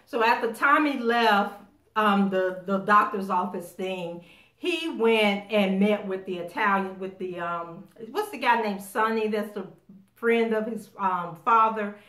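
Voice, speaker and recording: Woman recapping a TV episode, animated storyteller. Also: medium pitch, measured pace. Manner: animated storytelling that acts out characters' lines. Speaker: TV show recapper. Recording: roomy echo.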